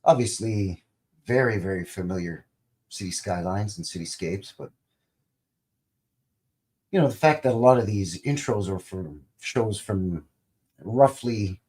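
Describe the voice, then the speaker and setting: A man with a deep, slightly mellow voice hosts a rambling, casual live stream. Greeting his audience, he reads their comments aloud and tosses in light jokes, staying informal and swearing a little.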